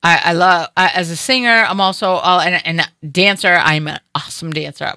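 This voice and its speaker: A middle-aged woman hosting a casual chat, telling an animated story and acting out other people's voices. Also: on the low side, a little fast, no room sound.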